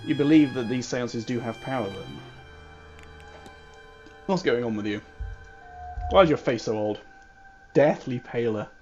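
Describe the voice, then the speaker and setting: A man's voice: mid-range voice, expressive, measured pace, pauses often, a little mellow, soft background music. A man in casual game commentary, musing aloud and muttering to himself as he plays. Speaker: gamer.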